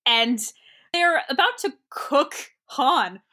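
Bright-voiced woman recapping a film. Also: sits high, slow. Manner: animated storytelling, laughs often. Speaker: podcast co-host. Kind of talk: casual chat recapping a film.

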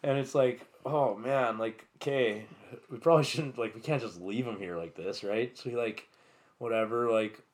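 A man's voice: medium pitch, moderate pace. A man casually telling a rowdy campground story on a podcast, swearing constantly and acting out what everyone said with bursts of laughter. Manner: laid-back, swears constantly, acts out quotes with laughter.

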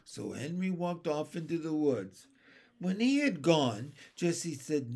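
Man, storybook read-aloud, very slow, lively melodic voice, gravelly. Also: a little high. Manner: unhurried, expressive storytelling. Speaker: narrator. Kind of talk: reading a children's book aloud.

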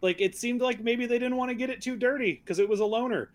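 On a laid-back podcast reviewing movies, this male co-host speaks in a somewhat high voice for a man. He comes across as animated, sarcastic and loose, with lots of filler words and quick bursts of laughter.

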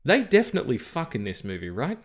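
A man's voice: medium pitch, huge pitch swings, fast talker. A man co-hosting a film podcast, talking casually and rambling, with lots of fillers, restarts and swearing. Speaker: podcast co-host.

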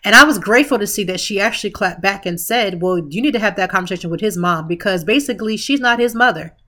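A woman's voice: medium pitch, quick pace, sharp tone. A woman, hosting a podcast and giving emphatic, opinionated commentary straight to her listeners. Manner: emphatic, conversational, addresses listeners directly as "y'all". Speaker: podcast host.

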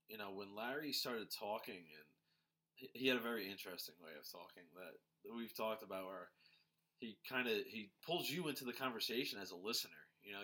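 A man co-hosting a podcast, chatting casually and often restarting his sentences. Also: fairly low pitch. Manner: halting, restarts often, animated when quoting. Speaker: podcast co-host. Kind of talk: casual conversation.

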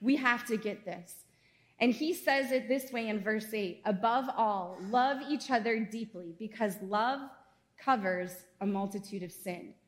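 A woman's voice: mid-range voice, measured pace. A woman in her thirties, a pastor giving a conversational, earnest sermon in a church. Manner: conversational, earnest preaching with casual asides. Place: church sanctuary.

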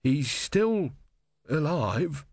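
A man's voice: fairly high pitch, big pitch swings, very slow, a little mellow, no echo, clean studio sound, pitched above the performer's own voice, full character voice. A man playing a worn-out, plodding young monk. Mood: dogged. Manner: thick, plodding, stubborn. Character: exhausted, slow-witted young male novice monk.

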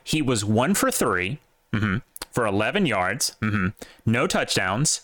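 Animated young man in casual sports chat. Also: slow, no echo. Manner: animated, swearing, laughing, big pitch jumps. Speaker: podcast co-host.

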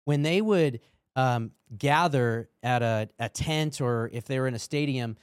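A man, a minister and father, talks as a podcast guest in a mid-pitched voice recorded dry and close. He tells his stories earnestly, with a few ums and uhs as he works through them. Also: measured pace, clean tone, no room sound. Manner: earnest storytelling with fillers. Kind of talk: casual Christian podcast talk.

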